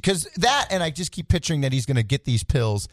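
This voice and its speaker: A man's voice: on the high side, sing-song, brisk, no echo. A man telling stories on a radio talk show, rambling and amused in a casual way. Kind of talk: casual storytelling.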